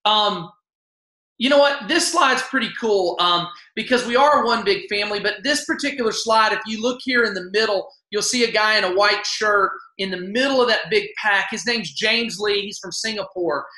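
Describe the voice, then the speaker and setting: Upbeat man pitching from home; bright, roomy sound. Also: moderate pace. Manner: upbeat, folksy, repeats himself. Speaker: co-host of an online sales party. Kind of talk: casual sales pitch.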